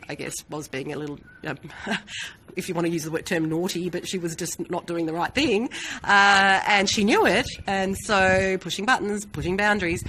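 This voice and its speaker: A woman hosting a live stream, talking candidly and earnestly about her own inner struggles, with many "you know" fillers and warm, self-reassuring laughs. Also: fairly low pitch, a little hiss or hum, rough recording. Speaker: host of a personal-growth live stream. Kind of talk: reflective live-stream monologue.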